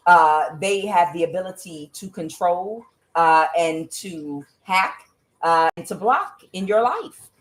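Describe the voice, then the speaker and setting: A woman hosting a tarot channel, talking in a blunt, profane, casual monologue full of fillers and laughs. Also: medium pitch.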